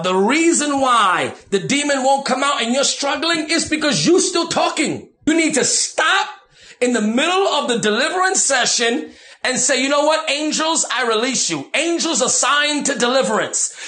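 A man preaching as a pastor, animated and slangy, acting out his own prayers. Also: very high voice, echoey room. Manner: animated, slangy, quotes himself. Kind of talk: preaching on deliverance.

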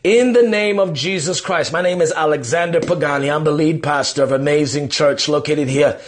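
A male pastor from New York City chatting on a livestream, reading out viewers' comments with quick, repeated, upbeat affirmations. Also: on the high side. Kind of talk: live-stream chat reading viewer comments.

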